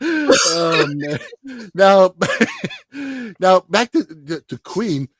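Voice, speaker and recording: A man's voice: high voice, big pitch swings, very slow, a bit bright. A man hosting a casual movie podcast, telling stories with lots of fillers and restarts. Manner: storytelling, hesitant with many fillers. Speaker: podcast host.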